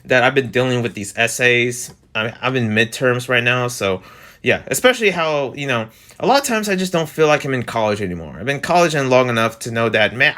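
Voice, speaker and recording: A young man in his twenties hosting a casual commentary vlog, rambling and animated, his voice jumping up when exasperated. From New Jersey. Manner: rambling, animated, restarts and fillers, pitch jumps when exasperated. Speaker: vlog host.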